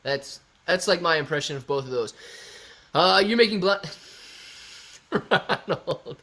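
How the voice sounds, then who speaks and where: A man's voice: a little high, animated, normal speed, pushed and bright. A man from Ohio hosting a stock livestream in a casual, chatty way, reading viewer comments aloud and answering them.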